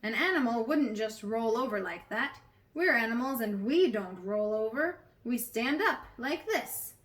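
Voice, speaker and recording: A woman's voice: fairly high pitch, animated, measured pace, fairly bright tone, roomy sound. A woman voicing an earnest, clumsy talking bear in a storybook reading.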